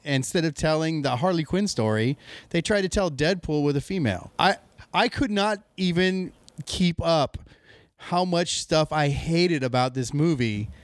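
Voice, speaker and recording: A man in casual podcast chat, complaining and cursing with sarcastic bite. His voice sits a little high and swings widely in pitch. The sound is close and dry. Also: animated, moderate pace, no echo. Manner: ranting, profane, sarcastic. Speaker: podcast co-host.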